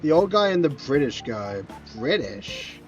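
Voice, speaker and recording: Rambling man streamer, lively voice. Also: mid-range voice, a little slow, faint music behind, poor audio. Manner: rambling, self-correcting, answers chat questions. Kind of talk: casual chat while streaming a game.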